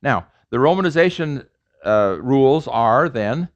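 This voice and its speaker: A middle-aged professor teaching a language class lectures an audience on pronunciation, emphatically repeating sounds to demonstrate them. His voice is medium-pitched and animated, at normal speed.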